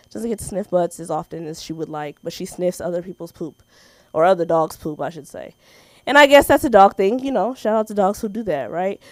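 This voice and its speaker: A woman's voice: mid-range voice, no echo. A woman with an American accent doing a stand-up set at an open mic, telling stories and acting out the people in them. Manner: animated storytelling with acted-out quotes and laughs. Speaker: stand-up comedian.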